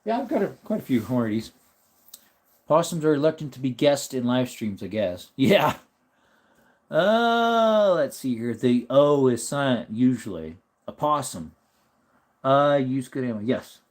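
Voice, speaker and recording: A man's voice: mid-range voice, unhurried. An American man hosting a casual live stream, chatting loosely, reading out comments and laughing often. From United States. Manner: relaxed, chatty, reads chat aloud and laughs often.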